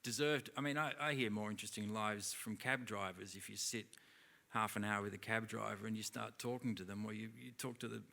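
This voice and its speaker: A man's voice: lowish voice, steady tone, a little fast, creaky, sharp tone. A middle-aged man, a guest at a live on-stage interview, telling rambling anecdotes and acting out other people's lines. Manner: rambling anecdotes full of acted-out dialogue. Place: theatre stage at a live event.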